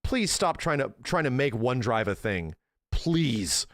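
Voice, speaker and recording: Man, streamer, casual chat, exasperated swearing rant, bouncy pitch, dry close mic. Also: big pitch swings, measured pace, no room sound.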